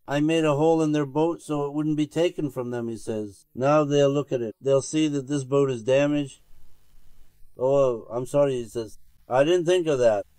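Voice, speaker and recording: A man's voice: medium pitch, warm tone, clear, resonant tone, dry recording. A man preaching as a sheikh, telling a religious story in sermon style and stopping often to say who is speaking. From Turkey. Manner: retells a tale with many "he says" tags. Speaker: sheikh preaching to his circle.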